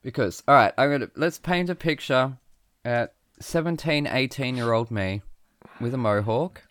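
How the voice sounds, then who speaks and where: A man's voice: mid-range voice, moderate pace, no room sound. Aussie guy, 30s, laughing at himself through a story, dead dry mic. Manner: animated, self-mocking, laughs often. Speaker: podcast guest. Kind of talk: casual storytelling.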